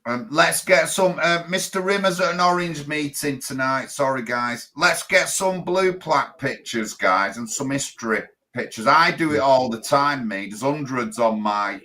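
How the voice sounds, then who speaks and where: A man's voice: medium pitch, moderate pace, few pauses, pushed and bright, poor audio. Guy, 50s, hosting a chatty panel, keeps interrupting and repeating himself. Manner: enthusiastic, repetitive, interrupts. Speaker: party leader and host. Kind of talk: casual panel chat.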